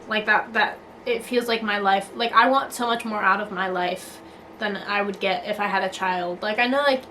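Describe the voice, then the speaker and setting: A woman's voice: mid-range voice, steady tone, moderate pace, sharp tone, slight background noise, poor audio. A young woman venting casually to her camera, blunt and sweary, full of filler likes and restarts. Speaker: vlogger. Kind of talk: casual talking-to-camera rant.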